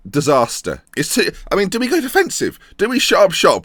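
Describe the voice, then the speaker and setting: A young man giving excitable, jokey let's-play commentary on a football management game, thinking aloud as he goes. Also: a little high, normal speed, dry recording, studio quality. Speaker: gaming YouTuber.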